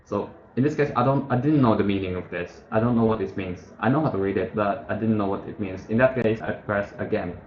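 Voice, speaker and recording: A man with a slightly low voice explains a study app in a loose, thinking-aloud way, often stopping to correct himself. The sound is a bit dull and roomy. A faint hiss sits underneath. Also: brisk, hardly any pauses. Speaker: tutorial host. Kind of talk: casual screen-share tutorial. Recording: muffled, echoey room with faint hiss.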